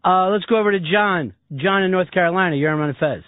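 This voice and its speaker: A man hosting a call-in talk radio show who cracks profane jokes and takes calls. His voice is high for a man, and the sound is dry and narrow like a phone line. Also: dry recording. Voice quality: laughing, profane, rapid-fire. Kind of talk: casual radio banter. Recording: dry, tinny broadcast audio.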